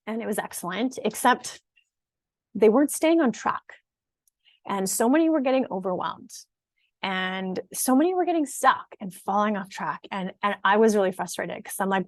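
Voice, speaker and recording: A woman in her forties talks to camera as a fitness and nutrition coach, earnest and emphatic. She often restarts mid-sentence as she goes. Her voice sits at an everyday middle pitch and sounds close and dry, with no room echo. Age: 40s. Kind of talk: casual direct-to-camera monologue.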